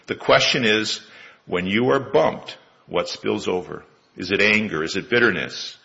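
A lay preacher in his sixties gives a sermon, his voice gravelly, bright, a little forceful, and pitched on the low side. He sets out each point with care, building through rhetorical questions. The audio sounds slightly dull and lo-fi.

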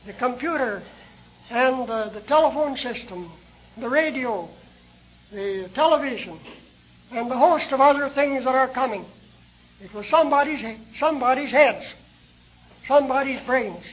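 An older man with an extremely high-pitched voice preaches a sermon slowly, measured and earnest, posing rhetorical questions. The recording is a dull, lo-fi old tape.

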